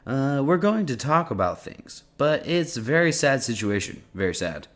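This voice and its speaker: A man voicing an impression of a blustery US president, halting and repetitive with many uhs. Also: medium pitch, sing-song, a bit bright, voice pushed up.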